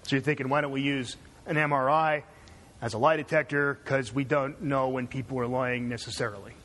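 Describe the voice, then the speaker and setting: A man's voice: medium pitch, fairly even intonation, fairly quick, fairly bright tone. A man from Canada giving a conversational university lecture, digressive and checking in with "right?".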